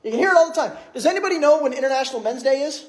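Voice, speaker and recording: A man's voice: very high voice, lively intonation, very fast. A man preaching a sermon in church, conversational, with many rhetorical questions. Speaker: pastor.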